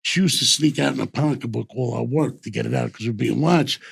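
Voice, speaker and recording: Gravelly older New storyteller man. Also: mid-range voice, fast talker. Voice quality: gravelly, husky. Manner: rambling anecdotes with repeated "I says" and restarts. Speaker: host and former bookmaker. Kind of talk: casual storytelling.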